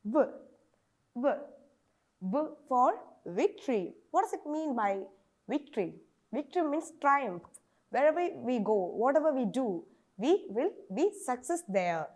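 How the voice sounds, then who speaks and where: A woman's voice: high voice, very animated, unhurried, a little mellow. A woman from Kerala with a Malayali English accent, teaching phonics to children and repeating each letter sound over and over. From Kerala, India.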